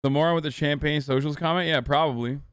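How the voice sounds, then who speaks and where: A man tears into a video in a profane, mocking rant, his voice sitting fairly high. The sound is dry and close to the mic. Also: fairly even intonation, fast, a bit bright, clean tone, no room sound. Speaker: political commentator streamer reacting to a clip. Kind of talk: heated live-stream commentary.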